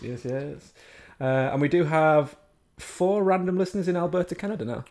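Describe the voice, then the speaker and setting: A giggly man hosts a casual comedy podcast. His voice sits a little high, and he laughs a lot and stumbles through his sentences as he jokes with his co-host. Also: normal speed, darkish tone. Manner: giggly, joking, stumbles over words.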